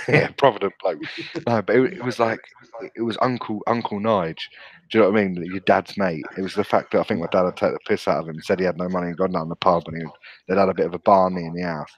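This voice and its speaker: A man's voice: low voice, steady tone, quick pace, lo-fi sound. A British man, a podcast co-host, telling a sweary story in casual chat and laughing often. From England.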